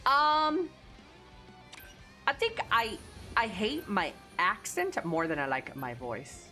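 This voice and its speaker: A woman's voice: mid-range voice, animated, takes it slowly, bright, forceful tone, faint music behind. A woman streamer with a Chicano English accent, chatting casually, blunt and profane.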